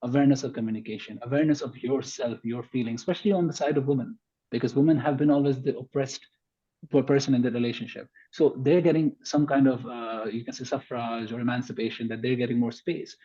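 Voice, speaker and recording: Man, podcast guest, mellow husky voice, emphatic debater, slightly muffled recording. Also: medium pitch, steady tone, fast. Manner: emphatic, argues point by point. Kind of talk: conversational podcast discussion.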